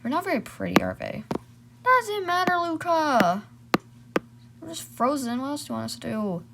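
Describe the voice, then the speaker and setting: High-pitched gal doing all the voices in a homemade toy story, bouncy pitch, siblings squabbling, loud noise behind. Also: female voice, sing-song, fast talker, vocal fry. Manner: switches between bickering sibling characters. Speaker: storyteller voicing all characters. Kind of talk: homemade role-play story with toys.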